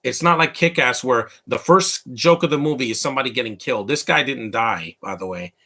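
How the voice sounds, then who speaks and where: A man giving a casual live commentary over a comedy film, rambling through asides, laughing often and reacting loudly to what is on screen. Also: brisk, breathy edge. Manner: reacts loudly to the film, quoting lines in a high voice.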